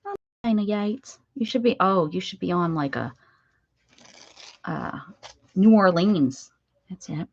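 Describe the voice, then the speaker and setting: A woman's voice: on the low side, animated, slow pace, gravelly, long pauses, breathy edge, no room sound, dull audio. A woman hosting a crafting livestream, chatting and rambling casually with viewers as she works. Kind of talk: casual chat while crafting.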